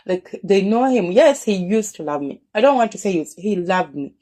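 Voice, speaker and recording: A woman's voice: medium pitch, expressive, fairly quick, few pauses, dark tone. A woman telling a personal story in an earnest way, often repeating words and restarting her phrases.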